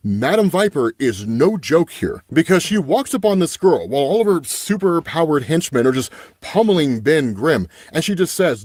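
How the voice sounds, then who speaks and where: A man's voice: on the high side, sing-song, fairly quick, few pauses, a little mellow, slightly rough, dry recording, clean studio sound. A young man hosting a casual comic book recap, animatedly paraphrasing the characters' dialogue with frequent "right?" asides. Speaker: comic book channel host.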